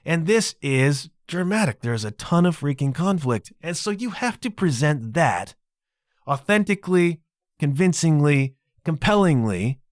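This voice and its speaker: Male solo podcast host, emphatic and chatty, animated delivery, dry close mic. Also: a little high, no room sound. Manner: emphatic, conversational, keeps checking in with the listener.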